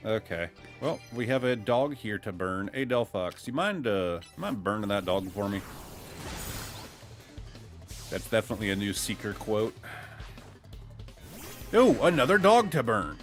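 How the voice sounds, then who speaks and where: At a normal speed with few pauses, an Ohio man streams a game and keeps up casual commentary. His pitch bounces around, he erupts in excitement when things go well, and faint music plays underneath.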